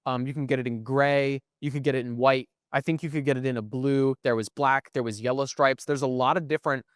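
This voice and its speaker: Young man explaining in a smooth voice. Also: medium pitch, steady tone, brisk, dry recording, studio quality. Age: young adult. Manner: explains at length, often adds "right?". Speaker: podcast co-host. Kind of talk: casual chat. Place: museum.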